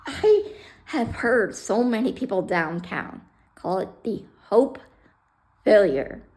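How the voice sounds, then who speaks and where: A woman's voice: mid-range voice, expressive, slow pace, a little mellow. A woman talking casually to the camera about her own life. She speaks bluntly, swears freely and acts out what other people said. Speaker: vlogger telling her own story.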